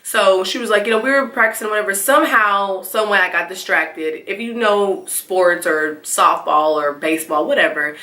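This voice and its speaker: A young woman telling a storytime vlog, animated and laughing, acting out the quotes in squeals. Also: medium pitch, normal speed, hardly any pauses, reverberant. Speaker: vlogger. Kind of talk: casual storytime.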